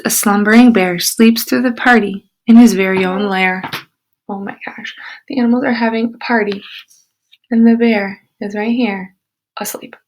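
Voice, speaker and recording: A woman teacher reading a picture book aloud to children, expressive, with whispered asides. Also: a little high, poor audio.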